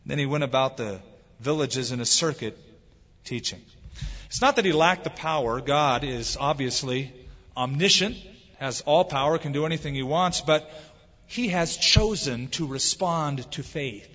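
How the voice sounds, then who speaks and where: A man's voice: fairly high pitch, animated, unhurried, a bit bright. A man preaching a sermon as a pastor, stretching out the words he stresses. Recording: dull lo-fi with long hall reverb.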